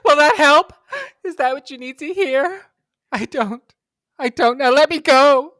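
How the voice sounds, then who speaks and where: A woman's voice: high-pitched, a little slow, a bit bright, no room sound, clean studio sound, pitched above the performer's own voice. A woman hamming up an anguished young woman pushing her lover away. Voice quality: forced American accent. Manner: tearful, melodramatic.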